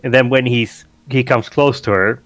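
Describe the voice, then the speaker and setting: A man's voice: medium pitch, fairly even intonation, normal speed, fairly bright tone, dry recording. A man playing a tabletop role-playing game who narrates his character's actions, hesitant and full of restarts. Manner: hesitant, repeats words, says "like" a lot. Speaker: player.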